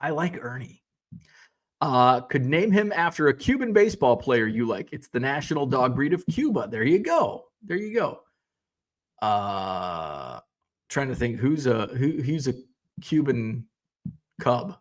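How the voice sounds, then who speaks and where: A man in his thirties hosting a casual livestream, reading viewer comments aloud and chatting in a relaxed, rambling way, with lots of fillers and restarts, a little tired. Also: medium pitch, a little slow. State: yawning, tired. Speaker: card-collecting livestream host.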